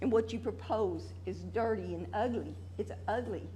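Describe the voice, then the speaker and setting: A woman's voice: medium pitch, mellow, slight background noise. An older woman, speaking angrily and emotionally as a resident during public comment at a meeting. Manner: angry, emotional, drawn-out pleading. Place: council meeting room.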